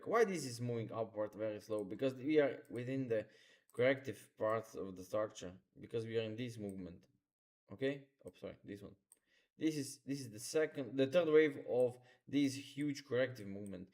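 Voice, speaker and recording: A man's voice: medium pitch, a little mellow. Man talking through charts live. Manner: instructive, repeats phrases, non-native grammar. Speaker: trading streamer. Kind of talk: live market commentary.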